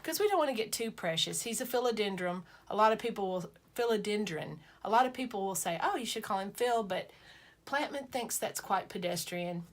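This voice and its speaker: A woman's voice: mid-range voice, expressive, brisk. A woman chatting playfully to her viewers, full of self-mocking asides. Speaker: sewing vlogger. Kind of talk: casual chat to camera.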